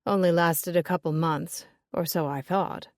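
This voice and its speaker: A woman's voice: fairly low pitch, steady tone, measured pace, a little mellow, no room sound, studio quality. A woman voicing a blunt, chain-smoking shop owner. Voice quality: raspy smoker's voice. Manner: blunt, offhand.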